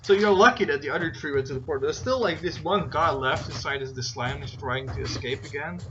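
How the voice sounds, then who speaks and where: A man's voice: fairly high pitch, fairly quick. A man narrating as game master in casual tabletop play, rambling with many "like" fillers. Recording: dull lo-fi recording, faint noise.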